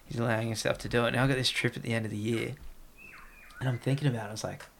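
Gravelly man rambling. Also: medium pitch, fairly even intonation, very fast, a little hiss or hum. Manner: rambling, heavy use of "like". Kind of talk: casual podcast chat.

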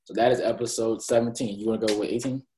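A man's voice: fairly low pitch, steady tone, fast talker, warm tone, a little hiss or hum. A man co-hosting a casual chat, rambling as he retells scenes and acts out characters' lines. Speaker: podcast co-host. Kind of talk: casual chat recapping an anime. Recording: echoey room.

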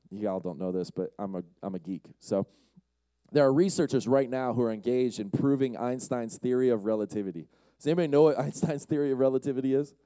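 A man's voice: fairly low pitch, mellow, clear, resonant tone, no echo. A man giving a casual, conversational sermon to a live audience, often asking the crowd questions and acting out quotes. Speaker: youth speaker.

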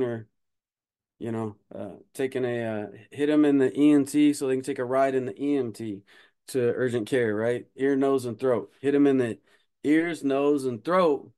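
Casual self-defense podcast guy, smooth voice, rambles with fillers and bad puns. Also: medium pitch, darkish tone. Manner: rambling, many fillers, joking. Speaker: podcast host, martial arts instructor.

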